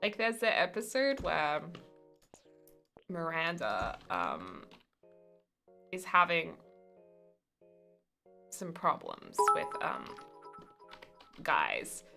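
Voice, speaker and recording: Animated, chatty young woman streamer. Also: low-pitched, takes it slowly, gravelly, pauses often, faint music behind. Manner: chatty, animated, thanks viewers with bursts of excitement. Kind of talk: casual live-stream chat.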